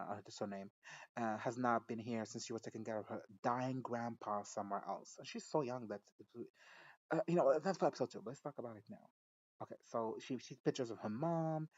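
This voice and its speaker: A man at a home microphone talks through a TV episode in a loose, rambling way. He swears freely, giggles often and trips over his own sentences. The sound is a little muffled and lo-fi, and his pitch sits in the middle. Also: darkish tone. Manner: rambling, profane, giggly, self-interrupting. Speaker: show recap reviewer. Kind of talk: casual recap and reaction.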